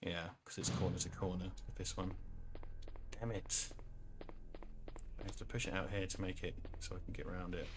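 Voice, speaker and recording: A man chatting casually on a gaming livestream, swearing and now and then bursting into excited shouts. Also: sits low, normal speed, long pauses, background noise. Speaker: livestream co-host playing the game. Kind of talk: casual chat while gaming.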